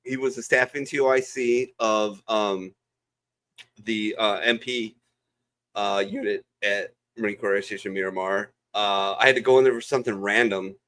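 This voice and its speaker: A man's voice: lowish voice, fairly even intonation, normal speed, a bit bright. A man, a veteran co-host, telling service stories in casual chat, profane and rambling with lots of fillers.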